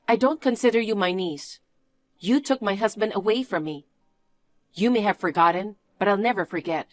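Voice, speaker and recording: A woman's voice: medium pitch, moderate pace, dry recording, clean studio sound. A woman reading the part of a wronged aunt in a dramatized story, speaking in a cold, curt and bitter way. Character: wronged aunt, a woman betrayed by her niece.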